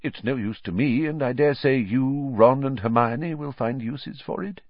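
A man voicing a kind, weary male wizard teacher who speaks gently and warmly. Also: medium pitch, normal speed, no echo, pitched above the performer's own voice, close to an everyday voice. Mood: gentle. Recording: slightly dull lo-fi audio.

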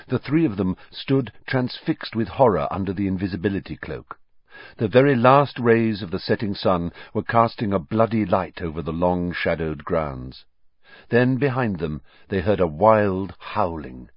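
A man narrating an audiobook in an expressive, dramatic storytelling manner. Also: fairly low pitch, unhurried, no room sound. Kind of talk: scripted narration. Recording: dry, slightly dull lo-fi audio.

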